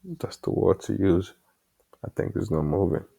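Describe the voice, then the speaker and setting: Coding late at night, a man with an African accent and a deep, mellow voice talks casually to himself, full of fillers and occasional mild swearing. His delivery is fairly even and moderately paced, creaky and slightly rough. This developer vlogger's headset mic is positioned far from his mouth.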